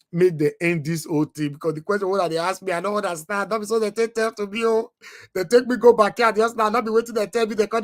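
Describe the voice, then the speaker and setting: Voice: mid-range voice, a little mellow. Nigerian accent, live commentary, emotional, mixes English and Pidgin. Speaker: online commentator relaying a court hearing.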